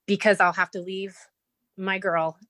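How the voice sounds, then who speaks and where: A middle-aged woman recounts her life in a candid interview, acting out what people said in lively bursts and laughing often. Her voice sits mid-range and is recorded close and dry. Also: mid-range voice, measured pace, dry recording. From Nevada, USA. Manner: animated, acts out quoted dialogue, laughs often, lots of "like". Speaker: podcast guest.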